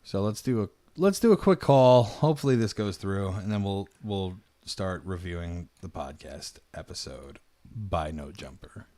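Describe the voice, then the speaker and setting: A man's voice: low-pitched, animated, normal speed, warm tone. A man hosting a casual livestream, offhand and trailing off into mumbles. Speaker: streamer host.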